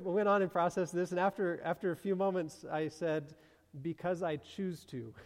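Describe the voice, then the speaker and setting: A slightly high-voiced man gives a sermon, talking it through conversationally and reading passages aloud. His voice rings with the long reverb of a large hall. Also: a little mellow. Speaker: preacher.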